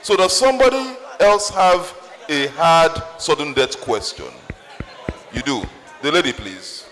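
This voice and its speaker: Brief: man, town hall moderator, lively animated pitch, polite but firm, reverberant hall. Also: measured pace. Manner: firm, repeatedly apologetic while enforcing rules.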